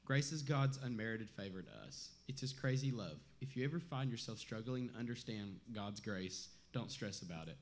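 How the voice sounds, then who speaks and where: A man's voice: lowish voice, animated, moderate pace, few pauses. Man narrating a devotional intro.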